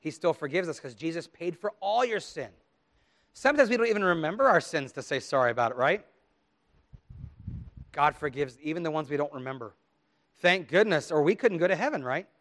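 A man's voice: a little high, expressive, a little fast, pauses often, a bit bright. A middle-aged man, a pastor, reading scripture solemnly and then telling a story to children with many questions.

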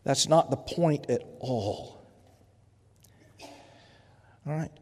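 A man's voice: mid-range voice, drawn-out words, darkish tone. Guy preaching a sermon, chatty, restarts his words a lot, big echoey hall. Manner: conversational, repeats words, acts out quoted voices. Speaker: pastor. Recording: long hall reverb.

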